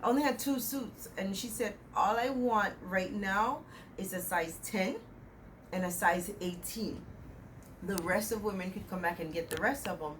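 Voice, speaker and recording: Young adult woman, mid-range pitch, casual rambling dream-recounting, light background noise. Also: normal speed, poor audio. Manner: rambling, animated retelling with quoted dialogue. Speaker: dream vlogger. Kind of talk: casual storytelling about a dream.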